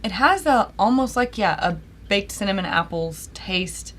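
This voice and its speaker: A woman's voice: mid-range voice, expressive, measured pace, fairly bright tone, slight background noise. A woman co-hosting a casual whiskey tasting livestream, teasing her partner and describing flavors in detail. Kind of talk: casual chat.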